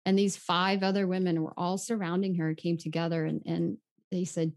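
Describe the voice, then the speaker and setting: A woman's voice: lowish voice, flat delivery, normal speed, a little mellow. Earnest woman telling a story. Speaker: retreat leader, guest. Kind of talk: conversational storytelling.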